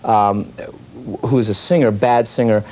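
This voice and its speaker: A man's voice: mid-range voice, unhurried. Man telling comedy stories. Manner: lively storytelling, slips into voices. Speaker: comedian guest. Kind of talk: interview anecdotes.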